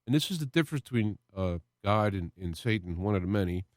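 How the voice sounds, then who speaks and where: A man's voice: lowish voice, expressive, fast talker, dry recording, studio quality. A man hosting his own internet radio show, talking about his faith in a rambling, heartfelt way that rises and falls with emotion. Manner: earnest, rambling, with restarts and emotional swells. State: close to tears at moments. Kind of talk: personal faith talk monologue.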